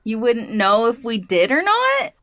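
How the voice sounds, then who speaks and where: A woman's voice: a little high, wildly swooping pitch, a little slow, a bit bright, no room sound, studio quality. A woman playing a tabletop game who argues in character in a direct, coaxing, matter-of-fact way. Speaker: player. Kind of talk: in-character tabletop role-play.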